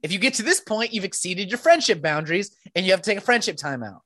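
A man's voice: high-pitched, expressive, fast talker, bright, forceful tone, no room sound, studio quality. A man co-hosting a podcast, playful and mock-serious, laughing often in casual banter. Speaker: podcast co-host.

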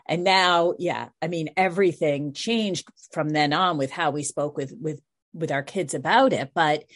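Give me a middle-aged woman whose voice sits very low. She speaks softly and earnestly as a guest in a reflective conversation, and she pauses and restarts as she searches for words. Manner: soft-spoken, earnest, with frequent restarts.

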